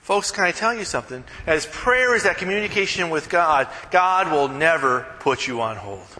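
A man preaching a casual, conversational sermon, animated and joking with the congregation. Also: fairly high pitch, normal speed, long reverb tail, poor audio. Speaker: pastor.

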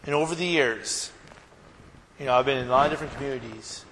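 A man preaching a sermon as pastor, animated and often checking in with his congregation. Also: mid-range voice, fast talker, in a large hall, a little hiss or hum, rough recording.

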